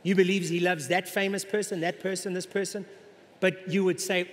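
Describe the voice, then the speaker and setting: High-voiced male pastor preaching in a reverberant hall. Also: brisk. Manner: animated preaching, acts out voices of the congregation. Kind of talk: sermon. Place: large church hall.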